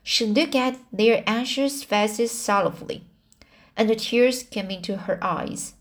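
A woman reading a classic novel aloud chapter by chapter, often pausing on fillers and restarting words. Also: a little high. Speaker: audiobook reader.

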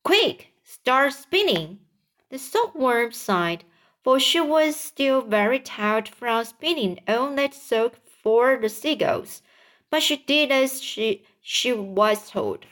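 A woman with a fairly high voice reads a children's story aloud at a slow, deliberate pace. She stops to repeat words now and then before carrying on. She lifts her pitch when she speaks the characters' lines. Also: lively intonation, fairly bright tone. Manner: slow, careful reading with small restarts and repeated words. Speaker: reader. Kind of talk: reading a children's book aloud.

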